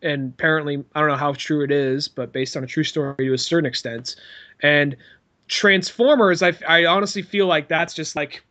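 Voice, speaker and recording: Podcast guy, rambly casual talk, cusses a lot, bright tone. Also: fairly high pitch, moderate pace, lo-fi sound. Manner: rambling, swears, puts on silly voices. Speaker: podcast host. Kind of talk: casual chat.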